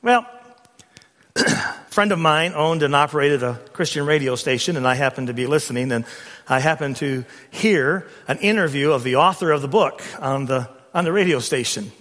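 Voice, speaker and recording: A middle-aged male pastor preaches with a bright, forceful tone and a fairly high voice. He builds to loud, emphatic peaks. His voice rings through the long reverb of a church sanctuary. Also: animated, normal speed. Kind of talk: sermon. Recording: long reverb of a large hall.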